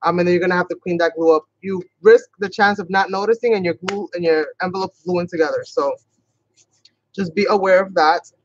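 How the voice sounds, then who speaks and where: A woman's voice: lowish voice, no room sound, lo-fi sound. A woman from New York with a Boston-sounding accent, chatting casually and rambling as she hosts a craft tutorial livestream. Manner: chatty, rambling, talks fast at times. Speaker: craft channel host.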